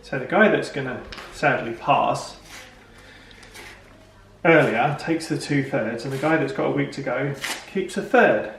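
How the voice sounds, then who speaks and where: Chatting to camera from his home, this middle-aged vlog host spins a rambling joke at a measured pace. He speaks in a mid-range, fairly bright voice, with slight background noise in the roomy, distant indoor recording.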